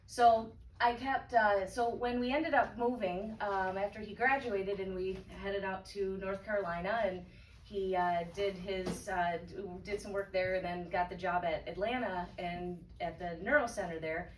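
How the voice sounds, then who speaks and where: A woman's voice: medium pitch, fairly even intonation, a little slow, slight background noise. Woman telling her story in an echoey room. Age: 30s. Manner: candid, storytelling, frequent restarts. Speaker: guest speaker. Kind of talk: personal testimony talk. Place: event room. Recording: echoey room, voice from far off, faint ambience.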